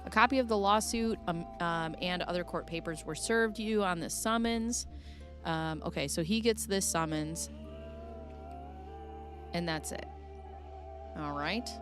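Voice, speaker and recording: A woman's voice: lowish voice, measured pace, long pauses, fairly bright tone, faint music behind. A woman hosting a casual reaction commentary, goofy and giggly, rambling as she reads through documents. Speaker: host.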